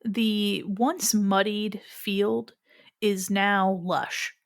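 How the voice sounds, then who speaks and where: A woman's voice: mid-range voice, fairly even intonation, extremely slow, creaky, no room sound, studio quality. A woman narrating a tabletop game as game master, playful and rambling.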